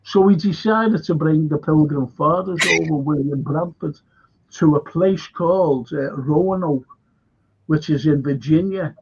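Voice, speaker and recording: A man's voice: fairly high pitch, unhurried, gravelly, darkish tone, husky, highs cut off. A man with a Liverpool accent, a local historian telling rambling history anecdotes in a livestream chat and acting out the people in his stories. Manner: rambling anecdotes, acts out quoted voices.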